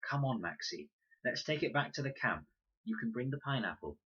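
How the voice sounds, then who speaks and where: Need a man playing a bossy, protective older sister, stern and commanding, husky undertone. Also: medium pitch, big pitch swings, moderate pace, pushed and bright, lo-fi sound, pitched above the performer's own voice, exaggerated voice.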